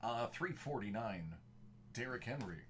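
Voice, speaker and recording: A man's voice: mid-range voice, expressive, unhurried, noisy background. A man hosting a card break on a live stream, calling out player cards in short punchy bursts and chatting with viewers. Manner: chats with viewers in the stream chat.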